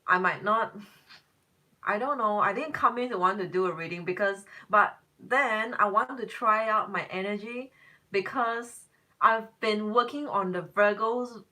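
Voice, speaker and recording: A woman's voice: medium pitch, pushed and bright. A woman tarot reader chatting casually on a live stream, answering viewer comments in a rambling way with exasperated exclamations.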